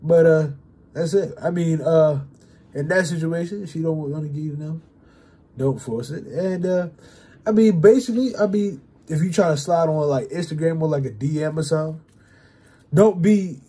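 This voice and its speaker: Young male vlogger, husky and warm-toned, casual and rambling, swears freely, fills gaps with "uh" and "you know". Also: on the high side, normal speed. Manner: loose and rambling, heavy fillers and swearing. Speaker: YouTuber giving dating advice.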